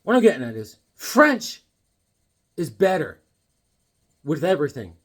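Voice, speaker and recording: A man's voice: on the high side, sing-song, unhurried, a bit bright, husky. A man hosting a casual comic book collecting vlog, playful and rambling with goofy jokes.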